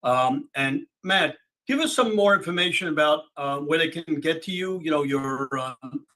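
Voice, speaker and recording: A man's voice: fairly high pitch, animated, moderate pace, sharp tone, rough recording. A man hosting a conference call in a loose, conversational way with some hesitation. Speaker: call host.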